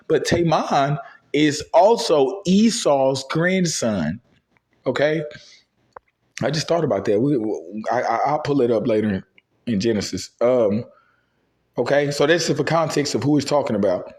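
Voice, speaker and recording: A man with a somewhat high voice teaches scripture casually, slowing down for the verses. His voice is wearing thin and a little hoarse. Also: darkish tone. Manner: loose and conversational, drops verbs, reads scripture slowly. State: losing his voice. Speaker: religious teacher.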